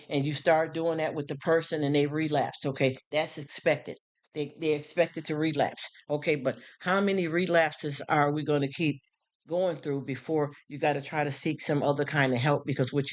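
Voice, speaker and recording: Man, slightly high-pitched, casual live-stream talk, streetwise, frank, keeps checking in with listeners. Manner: conversational, keeps asking if listeners follow; frank and streetwise, preachy in bursts.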